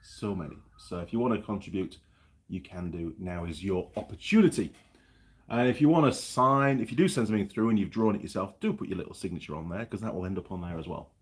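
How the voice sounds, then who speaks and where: A man's voice: low voice, fast. A man hosting a casual livestream, rambling as he reads out viewer comments and tells a story. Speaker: livestream host. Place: New Zealand.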